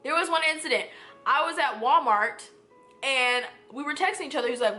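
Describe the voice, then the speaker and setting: A young woman with a high, bright voice rattles through a casual storytime, animated and blunt, swearing freely. She acts out what everyone said as she goes. Faint music plays behind her. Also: brisk.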